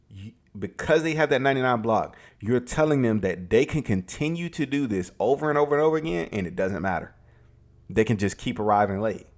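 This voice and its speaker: A man giving an emphatic, profane, opinionated rant about a video game, repeating his points for emphasis. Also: fairly low pitch. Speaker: gaming commentator.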